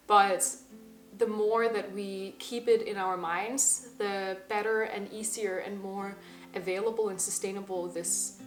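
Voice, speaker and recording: An earnest young woman in her twenties speaks straight to camera and leans into the words she wants to land. Her voice sits at an ordinary middle pitch. It has a noticeable room echo, with soft music underneath. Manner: earnest and emphatic, slowing on key words. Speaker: vlogger. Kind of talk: reflective personal monologue. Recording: slightly echoey room with faint music.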